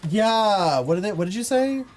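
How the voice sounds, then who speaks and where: A man's voice: high-pitched, expressive, moderate pace. A man hosting a live stream, chatting casually, laughing often and reacting to chat. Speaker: streamer host. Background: people making noise nearby.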